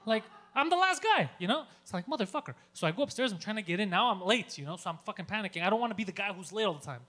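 A man telling a story on a podcast in a casual, animated way, swearing a lot and acting out his own yelling. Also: high voice, racing. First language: Greek. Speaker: podcast co-host.

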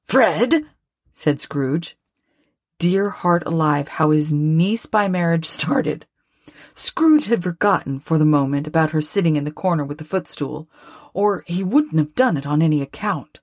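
Husky woman reading a storybook. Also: low-pitched, unhurried, no echo, clean studio sound. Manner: expressive, lively phrasing. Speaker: narrator.

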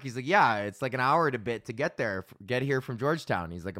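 A man's voice: medium pitch, expressive, fast talker, few pauses, a bit bright, no echo, studio quality. A man from Alberta hosting his own podcast, telling a long story in a profane, laughing ramble and acting out both sides of the conversation. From Alberta, Canada. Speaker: podcast host and stand-up comic. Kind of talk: casual solo podcast rant.

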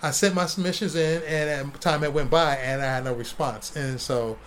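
Animated storytelling man from Ohio. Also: on the high side, moderate pace, slight background noise. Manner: animated, swears, acts out quotes. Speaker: comic artist guest. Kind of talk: casual storytelling interview.

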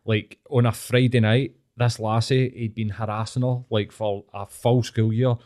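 A man's voice: medium pitch, level tone, normal speed, darkish tone. Sweary Scottish man in podcast banter. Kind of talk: casual chat.

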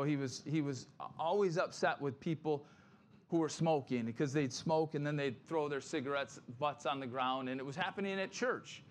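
A man's voice: mid-range voice, a little hiss or hum. A male pastor preaching a conversational sermon, often checking in with "right?" and acting out grumbling complainers in quoted asides.

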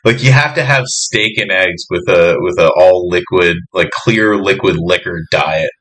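A man's voice: sits low, a bit bright. Wisecracking man in casual banter. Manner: joking banter, quick wisecracks. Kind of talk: casual chat.

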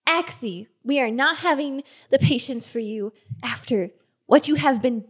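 A woman's voice: high voice, animated, measured pace, fairly bright tone, breathy edge. A woman playing a tabletop game on a podcast, giggly and playful. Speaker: player. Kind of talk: casual tabletop game play.

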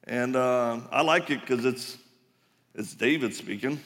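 A conference speaker preaches a live sermon to an audience in a large, reverberant hall, his mid-range voice fairly bright and measured in pace. He tells folksy stories full of laughs and asides.

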